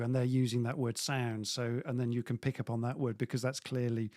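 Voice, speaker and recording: A man's voice: mid-range voice, quick pace, a little mellow, dry recording. Agreeable male host, dry sound. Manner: agreeable, frequent affirmations. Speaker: podcast host. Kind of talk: conversational video call interview.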